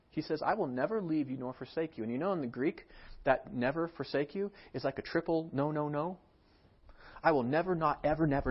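A man preaching a sermon as pastor of a church, swinging from soft, quiet lines to emphatic, raised ones. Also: on the high side, breathy edge, lo-fi sound. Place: church sanctuary.

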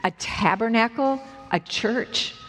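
A woman preacher voicing a gruff, curt middle-aged male businessman in her sermon story. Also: fairly high pitch, slow pace, a bit bright, pitched above the performer's own voice. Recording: echoey hall with long reverb.

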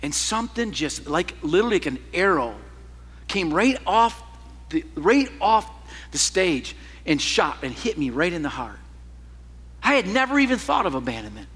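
High, bright-voiced preacher in a hall. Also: male voice, moderate pace, slightly rough. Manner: animated storytelling, swings from loud to hushed. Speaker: pastor. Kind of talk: sermon.

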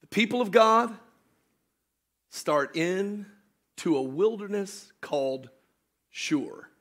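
A man preaching a sermon, animated, swinging from shouted storytelling to hushed joking asides with his congregation. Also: high voice, slow pace. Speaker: pastor.

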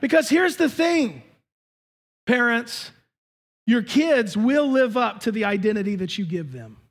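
A man preaching a sermon as pastor in a church, emphatic, swinging between shouted lines and hushed asides. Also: very high voice, expressive, unhurried.

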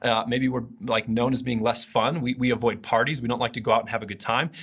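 A man's voice: medium pitch, steady tone, fast talker, fairly bright tone, breathy edge. A man preaching an earnest, conversational video sermon as a pastor.

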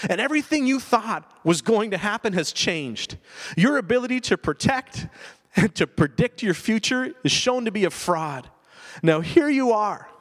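A man preaching a sermon, telling a story with emphasis and putting direct questions to his listeners. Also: high-pitched. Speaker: pastor. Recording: long reverb of a large hall.

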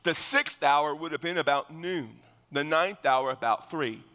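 In a large hall, a male pastor preaches verse by verse, earnest and explanatory, often restarting his phrases. His voice is on the high side, unhurried, bright, and forceful.

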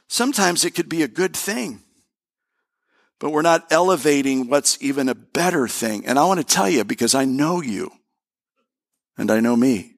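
A middle-aged pastor preaches a sermon with animated energy, repeating his phrases and addressing the congregation directly. His voice sits a little high and has a creaky edge.

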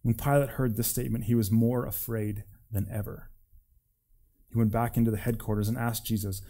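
A man's voice: on the low side, fairly even intonation, fairly quick, warm tone. Man reading scripture aloud with expression.

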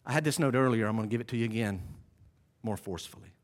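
A pastor preaching a sermon. He moves between quiet, low teaching and loud, vivid storytelling. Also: fast, long reverb tail.

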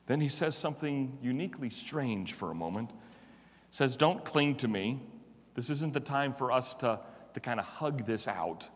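A male pastor preaching a sermon, moving from hushed, tender passages to loud, emphatic declarations. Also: mid-range voice, animated, moderate pace, slightly rough, long reverb tail.

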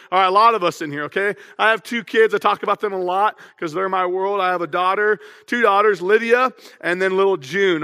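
A young male pastor with a high voice gives a casual, chatty sermon and keeps drawing the congregation in. His words trail off into a long reverb across the church hall. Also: fairly bright tone.

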